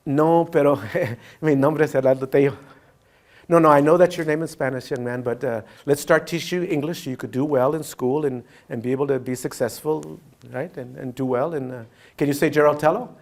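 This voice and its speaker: A man's voice: on the high side, fairly even intonation, a little fast, lightly acted. A man doing a patronizing schoolteacher. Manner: coaxing, talks down to a child. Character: condescending schoolteacher, patronizing and insistent.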